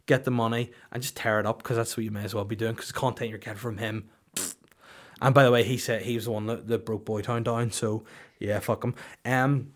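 Guy on a podcast, rambling and sweary, deadpan mock-serious, regular mid voice. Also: medium pitch. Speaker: podcast host. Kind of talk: comedic storytelling.

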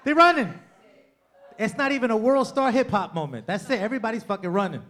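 Loud, profane man doing stand-up. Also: high-pitched, lively intonation, fast. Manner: loud, profane, crowd-working, mocking impressions. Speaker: stand-up comedian. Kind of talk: stand-up comedy set. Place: comedy club with bar.

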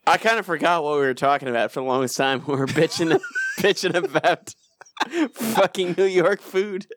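A man's voice: a little high, normal speed, noisy background. A man co-hosting a podcast in casual chat, laughing a lot and swearing. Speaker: podcast co-host.

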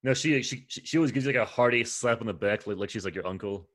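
Male podcast co-host, mid-pitched voice, quick to riff and tease. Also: a bit bright. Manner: joking, riffing on the other host's stories. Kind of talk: casual chat.

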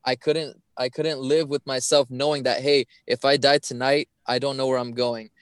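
A man's voice: mid-range voice, level tone, normal speed, smooth, no echo. A young man giving an earnest personal testimony as a podcast guest, often repeating and restarting his phrases.

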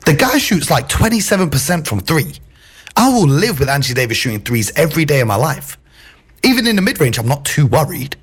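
A man chatting as a podcast guest, animated and opinionated, often laughing. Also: a little high, quick pace, husky. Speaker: podcast guest, basketball game marketer. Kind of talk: casual podcast chat.

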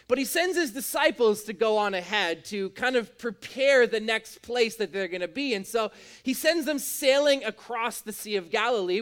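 A man's voice: fairly bright tone, clean tone. A young man preaching a sermon to a room, in a conversational way, acting out quotes with sudden jumps in his voice. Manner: conversational, acts out quotes with big pitch jumps. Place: in a room with an audience.

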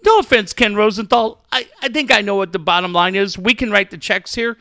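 A man's voice: high-pitched, a little fast, sharp tone, no room sound. A man co-hosting a sports podcast, ranting heatedly and swearing constantly. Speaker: podcast co-host. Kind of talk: profane sports radio rant.

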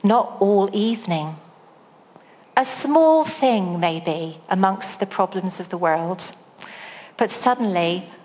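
A woman giving a sermon, telling a personal story with a slow, storytelling delivery. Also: mid-range voice, very animated, a little mellow, in a large hall. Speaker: speaker at a church service.

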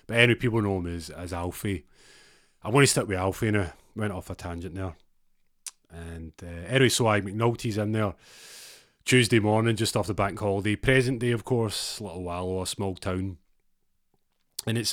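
A man's voice: low voice, no room sound, clean studio sound. A man with a Scottish accent telling a rambling, digressive comic anecdote in a casual way, often drifting off on tangents. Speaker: storyteller.

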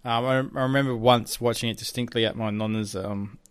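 A man's voice: medium pitch, fairly even intonation, brisk, smooth, no echo. A young man co-hosting a podcast in casual chat, rambling with many ums and some swearing. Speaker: podcast co-host.

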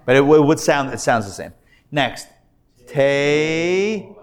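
A man, a rabbi, teaching a live Hebrew reading class, sounding out syllables slowly and patiently checking that his students follow. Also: medium pitch. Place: classroom before a live audience.

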